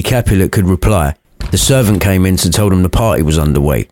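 A man's voice: deep voice, lively intonation, fairly quick, darkish tone, dry recording. A man narrating a comic retelling, with crude, cheeky asides. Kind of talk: comic storytelling.

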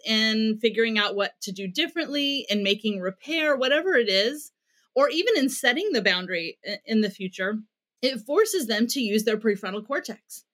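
A middle-aged woman speaking as a parenting expert in an interview. Her voice sits a little high, and she explains with earnest care, now and then acting out short bits of dialogue to show what she means. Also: fairly bright tone.

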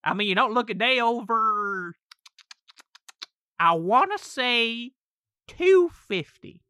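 A woman's voice: fairly high pitch, huge pitch swings, fairly quick, bright, forceful tone, no echo, clean studio sound, pitched above the performer's own voice, heavily acted. A woman voicing a centuries-old male shapeshifting trickster who talks in a chirpy, teasing way. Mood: gleeful teasing. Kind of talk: tabletop role-play character voice.

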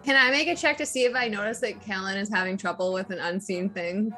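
A woman's voice: medium pitch, fast, sharp tone, faint music behind. A woman playing a tabletop game, joking around with the group. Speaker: player.

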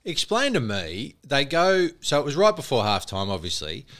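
A man's voice: mid-range voice, huge pitch swings, moderate pace, fairly bright tone. An Australian man with a mid-range voice, co-hosting a podcast. He retells events in a wry, questioning way. His tone stays casual and conversational. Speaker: co-host.

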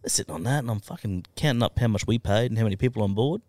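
A low-pitched Australian man yarns through his story as a podcast guest, swearing freely and chuckling along the way. The sound is close and dry. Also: animated, racing, a little mellow, no room sound. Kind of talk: casual storytelling.

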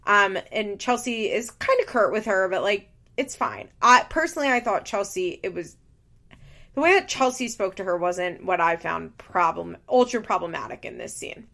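Woman, casual TV recap commentator, chatty and opinionated, mid-pitched. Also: animated, moderate pace, gravelly, a bit bright. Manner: chatty, opinionated, frequent "like" fillers. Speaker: podcast host recapping reality TV.

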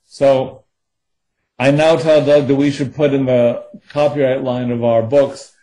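Guy author in an interview, mellow warm tone, lots of ums, kinda thinking out loud. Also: mid-range voice, level tone, measured pace, poor audio. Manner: thoughtful, hesitant with many fillers. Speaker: novelist and co-author. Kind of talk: interview conversation.

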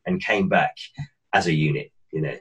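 A man with a fairly low voice reminisces slowly. He stumbles over repeated words as he thinks. His tone stays reflective. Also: fairly bright tone. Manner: hesitant, reflective, with many restarts. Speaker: actor on a reunion panel. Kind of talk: reflective recollection.

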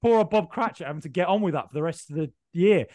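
A man chats through a football podcast, rambling and joking as he tells his stories. His voice sits fairly high, and the recording is close and dry with no room around it. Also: lively intonation, fast, warm tone, no echo. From Birmingham, England. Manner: rambling, jokey storytelling with frequent fillers. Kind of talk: casual chat.

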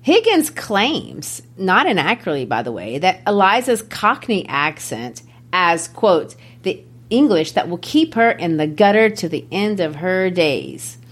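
A woman's voice: lowish voice, sing-song, a little slow, husky. A woman with a Memphis, Tennessee accent, co-hosting a literary discussion in an explanatory, lecture-like way. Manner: explanatory, lecture-like, quotes texts. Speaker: podcast co-host.

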